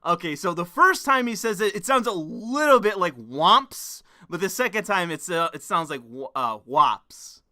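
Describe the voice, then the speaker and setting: A man's voice: high-pitched, lively intonation, normal speed, few pauses, bright, forceful tone, dry recording. A young man hosting a casual stream, reacting to a clip with laughing, profane disbelief.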